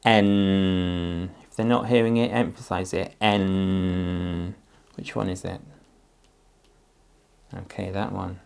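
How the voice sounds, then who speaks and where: A man demonstrates phonics for parents, sounding out each syllable and letter with great patience. His voice is low and gravelly with fry. He speaks very slowly and carefully. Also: steady tone, darkish tone. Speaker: teacher.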